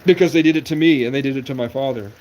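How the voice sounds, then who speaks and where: A man's voice: mid-range voice, rapid-fire, darkish tone, a little hiss or hum. A man in his twenties from New England, talking in a rambling livestream monologue that jumps from one conspiratorial topic to the next. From New England, USA. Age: 20s.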